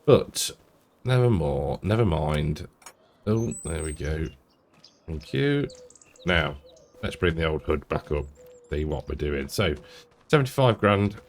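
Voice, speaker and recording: A man's voice: very deep voice, animated, takes it slowly, pauses often, slight background noise. A man giving casual, rambling commentary while playing a farming game, often chuckling to himself. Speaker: gaming YouTuber.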